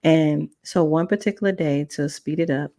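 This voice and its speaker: Woman host, gravelly, dry close sound, animated storyteller with chatty asides. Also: low-pitched, moderate pace, no room sound. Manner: animated, acts out quoted dialogue; casual, chatty asides to viewers. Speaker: podcast host. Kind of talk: personal storytime testimony.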